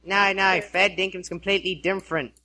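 A man's voice: high-pitched, little pitch movement, brisk, bright, forceful tone. A man with an Australian accent, bantering on a casual podcast and swearing freely. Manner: crude, swears a lot. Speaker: podcast co-host.

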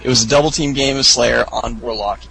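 A man co-hosting a podcast, chatting casually and rambling through stories with many fillers. His voice has a gravelly, creaky edge. A faint hiss of noise sits under the recording. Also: steady tone, brisk, bright, forceful tone, rough recording. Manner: rambling storyteller who acts out quotes in high squeaky voices. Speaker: podcast co-host. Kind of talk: casual chat.

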